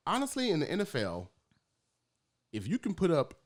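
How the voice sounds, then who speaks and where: A man co-hosting a podcast, talking sports in casual chat, animated and swearing freely. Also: a little high, normal speed. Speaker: podcast co-host.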